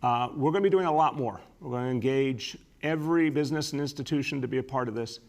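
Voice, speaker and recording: A middle-aged man giving a formal press briefing as mayor, in a measured, emphatic official delivery. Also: medium pitch, darkish tone.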